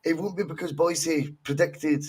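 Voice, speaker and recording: Scottish male podcast co-host, fairly high husky voice, sweary and animated. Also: moderate pace. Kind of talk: casual football podcast chat.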